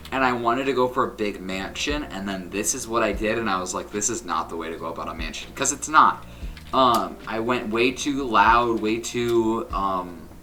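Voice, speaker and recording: Bright-voiced young man, self-critical rambling. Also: lowish voice. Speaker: Minecraft builder and YouTuber. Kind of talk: casual gameplay commentary.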